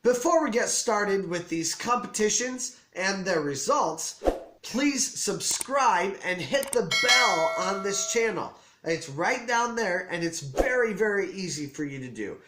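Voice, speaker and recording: A man with a raised, hoarse and scratchy voice, audibly getting over an illness. He hosts his own channel in a chatty, self-deprecating vlog manner. The sound bounces around an echoey room. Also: sits high, very animated, a little slow. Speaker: channel host. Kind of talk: casual vlog commentary.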